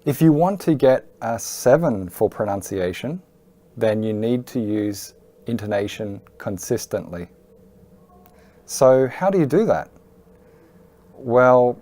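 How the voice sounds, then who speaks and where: A man's voice: on the low side, warm tone. A man teaching pronunciation in a video lesson, explaining patiently and stressing key points. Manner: clear, patient, emphatic teaching. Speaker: IELTS teacher. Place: Hong Kong.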